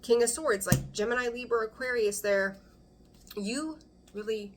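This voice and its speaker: A woman with a slightly high voice speaks at a measured pace, with a little hiss or hum in the recording. She's a tarot reader doing a casual, intuitive reading to camera for her channel, chatty and blunt, swearing freely and laughing between cards.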